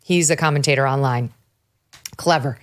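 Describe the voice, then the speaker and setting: A woman's voice: extremely low pitch, normal speed. A woman hosting a political talk show, delivering commentary in a sarcastic, mocking tone. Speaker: host.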